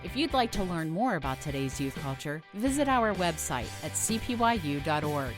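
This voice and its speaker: A woman's voice: low-pitched, very animated, normal speed. A woman reading a scripted podcast outro. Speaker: podcast announcer. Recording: outro read over clear guitar music.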